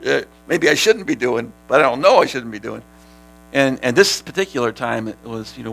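A man preaching a sermon as pastor, animated, sometimes shouting, and laughing with his congregation. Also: medium pitch, brisk, gravelly, slight background noise, poor audio.

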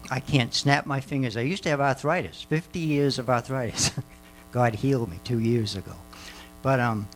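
A man's voice: mid-range voice, rough recording. An older man telling a church audience about a mission trip, rambling with many fillers and restarts.

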